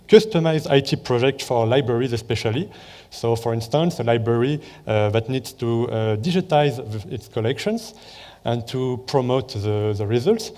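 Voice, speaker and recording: A man with a French accent delivers a conference talk in careful, hesitant English, stopping often for fillers and self-corrections. His voice is mellow and rather dark. The sound carries the long reverb of a large hall. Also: medium pitch. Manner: hesitant, many fillers and restarts. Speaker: conference presenter. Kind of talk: conference talk with live demo.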